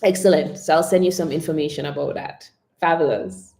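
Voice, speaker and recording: A woman coaching public speaking on a live stream, expressive, modelling whispers and dramatic pauses. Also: deep voice, creaky, reverberant.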